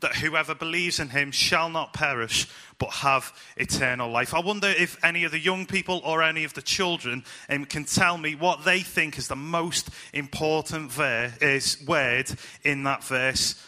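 A man preaching an informal sermon to a church congregation, lively and chatty, asking the children questions and joking with them. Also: fairly high pitch, moderate pace.

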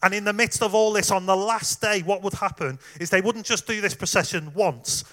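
Male preacher, high bright voice, chatty sermon delivery, addresses the congregation directly. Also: brisk. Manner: conversational, warm direct address with fillers.

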